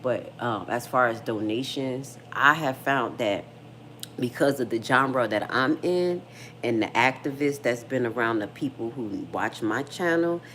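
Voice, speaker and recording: A woman's voice: rumbling low, a bit bright, a little hiss or hum. A middle-aged woman hosting a casual livestream, frank and slangy, talking straight to her viewers and reading their comments. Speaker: livestream host.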